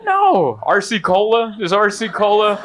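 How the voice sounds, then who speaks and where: A young man performing a stand-up comedy set, telling a rambling, animated story with lots of fillers. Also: high voice, measured pace.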